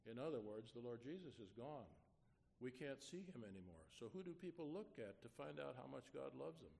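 A man preaching a conversational sermon, repeating rhetorical questions and sometimes dropping to a soft, quiet tone. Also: mid-range voice, big pitch swings, moderate pace, vocal fry.

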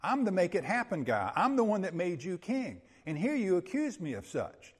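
A man's voice: high voice, wildly swooping pitch, normal speed, husky. A male pastor preaching an expository sermon in an emphatic, conversational way, often checking in with his listeners. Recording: long hall reverb.

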